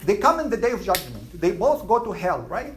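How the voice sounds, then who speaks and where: A religious teacher giving a classroom lecture, animated and quizzing the students as they go. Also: mid-range voice, fairly quick, noisy background. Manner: animated, asks the class questions.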